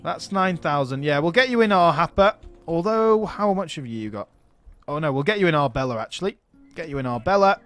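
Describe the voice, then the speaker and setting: A man's voice: a little high, expressive, fairly quick, fairly bright tone, faint music behind. A man hosting a strategy game let's play, casually thinking aloud and chatting as he plays.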